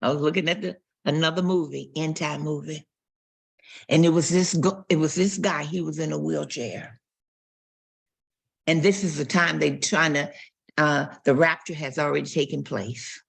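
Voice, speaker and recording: A woman's voice: low-pitched, steady tone, normal speed, vocal fry, husky. A woman pastor preaching a sermon, telling stories and acting out quotes and barking sounds.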